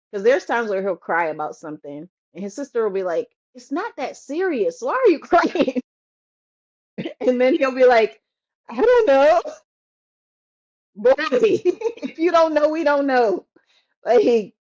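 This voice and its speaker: Female co-host, animated pitch, exasperated and laughing delivery, dull remote audio. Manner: expressive, laughing, exasperated parenting rant. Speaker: podcast co-host. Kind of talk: casual chat.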